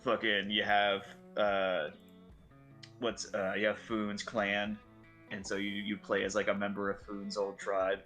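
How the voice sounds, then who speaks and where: A man's voice: lowish voice, monotone, measured pace, bright, forceful tone, soft background music. A man chatting casually as a tabletop game player, rambling with lots of fillers and swearing. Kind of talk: casual chat.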